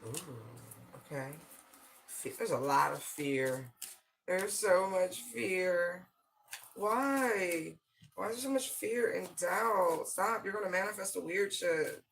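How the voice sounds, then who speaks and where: This is a slow, creaky, somewhat bright medium-pitched voice with a bit of background noise. It belongs to an intense, slangy tarot and channeled-message reader doing a livestream reading aimed directly at viewers.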